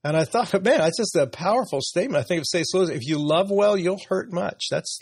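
Gravelly-voiced man in his sixties. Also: high-pitched, animated, brisk, no echo, clean studio sound. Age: 60s. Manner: reflective, emotional, candid with soft laughs. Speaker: podcast host. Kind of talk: personal conversation.

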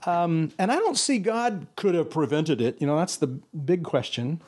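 A man's voice: sits high, lively intonation, normal speed, few pauses, a little mellow, husky. An older man hosting a faith conversation, earnest and reflective, often restarting his sentences as he thinks aloud.

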